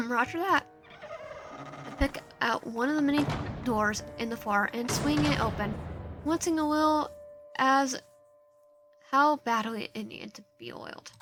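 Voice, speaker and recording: A woman's voice: high voice, unhurried, fairly bright tone, soft background music. A woman streamer reading a visual novel aloud, narration and player lines, often stumbling and restarting. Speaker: game streamer.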